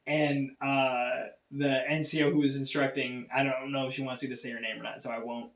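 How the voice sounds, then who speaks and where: A man's voice: medium pitch, little pitch movement, a little fast, roomy sound, far from the mic. A man hosting a podcast, telling a personal story in a casual, rambling way with many fillers and restarts. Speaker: podcast host.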